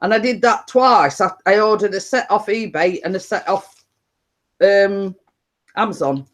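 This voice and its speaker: Speaking at a measured pace in a mid-range voice, a livestream host chats casually from her home computer desk. She rambles, restarts often and laughs frequently.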